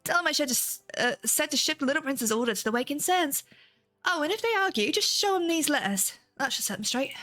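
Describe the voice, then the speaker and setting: A woman voicing a cheerful, generous female innkeeper in a brisk, chirpy put-on accent for a game. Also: high voice, big pitch swings, fairly bright tone, pitched above the performer's own voice.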